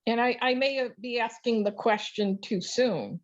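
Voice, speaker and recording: Woman student, slow and halting, highish voice, dull video-call audio. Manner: hesitant, halting questions.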